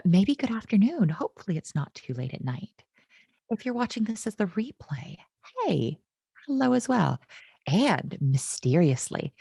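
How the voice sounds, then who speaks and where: A woman's voice: lowish voice, mellow, husky, no room sound. A woman from the United States giving a conference keynote, full of wry, self-mocking humor.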